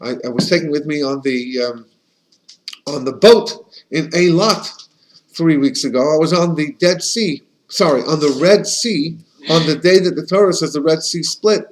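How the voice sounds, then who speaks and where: A man's voice: on the high side, moderate pace, rough recording. A man, a rabbi, teaching a casual class in a chatty, anecdotal way, often restarting his sentences and dropping in Yiddish and Hebrew terms. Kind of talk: casual conversational lesson.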